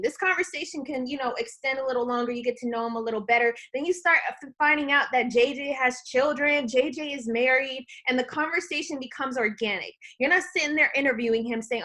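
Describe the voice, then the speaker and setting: Bright, high-voiced woman sales coach. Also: a little fast, few pauses. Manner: energetic, checks in with "okay?" and acts out both sides of calls. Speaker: sales team trainer. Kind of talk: live online coaching session.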